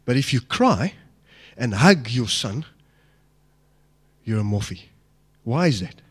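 A man's voice: mid-range voice, big pitch swings, takes it slowly, slightly rough. A middle-aged man, giving an emphatic, personal talk to an audience and asking them questions. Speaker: speaker addressing an audience. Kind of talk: motivational talk on fatherhood.

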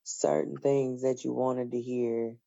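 Gravelly, profane woman on a call. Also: extremely low pitch, fairly even intonation, slow pace, warm tone, dry recording, highs cut off. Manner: blunt, profane, storytelling with laughs. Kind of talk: casual chat.

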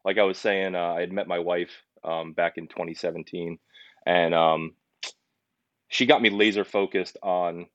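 A young man with a deep, low voice tells his story as a podcast guest. He sounds earnest and animated, stumbling and restarting as he goes. The recording is dry, a little dull and lo-fi. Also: moderate pace, no echo. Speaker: podcast guest, pizzeria owner. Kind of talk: casual storytelling interview.

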